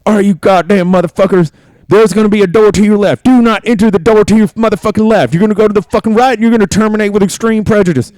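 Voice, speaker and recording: A man putting on the voice of a furious male drill sergeant, yelling profane threats. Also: high voice, steady tone, quick pace, dry recording, pitched above the performer's own voice, natural voice. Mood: barking.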